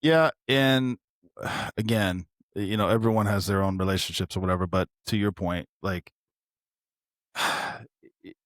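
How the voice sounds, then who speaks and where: A man's voice: lowish voice, measured pace, fairly bright tone, no room sound, studio quality. A man co-hosting a podcast in candid casual chat, talking in an earnest, reflective way with frequent restarts. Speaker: podcast co-host.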